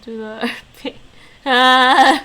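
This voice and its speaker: Unhurried woman streamer repeating words. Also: high-pitched, steady tone, bright, forceful tone, low-quality recording. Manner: repeats words after the app, chatty with viewers, laughs often. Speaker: language-learning streamer. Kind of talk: casual chat while practising vocabulary.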